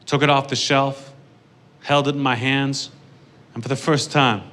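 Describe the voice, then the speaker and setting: Man telling a dry, bright-toned story. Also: medium pitch, level tone, measured pace. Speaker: stand-up comedian. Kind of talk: stand-up storytelling.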